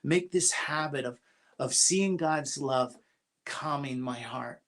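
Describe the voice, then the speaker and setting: A man's voice: mid-range voice, takes it slowly, a bit bright. A man speaking as a guest at a church, telling a personal story in an earnest, confessional way and often repeating his opening words.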